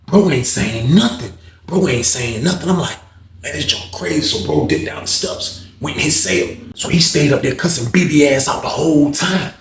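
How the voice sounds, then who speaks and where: A man casually spinning a story in loose, slangy, rambling talk. His voice sits fairly high for a man, and a roomy echo hangs around it. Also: expressive, normal speed, slight background noise.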